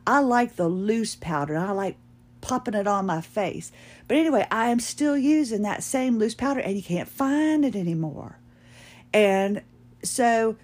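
A woman's voice: medium pitch, a little mellow. A middle-aged woman, telling rambling, self-deprecating stories on her podcast and laughing at herself. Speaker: podcast host. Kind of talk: casual storytelling monologue.

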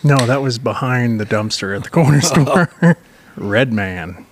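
A man's voice: medium pitch, animated, unhurried, a little hiss or hum. Laughing, foul-mouthed podcast guy. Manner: laughs often, swears freely. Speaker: podcast co-host. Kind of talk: casual crude banter.

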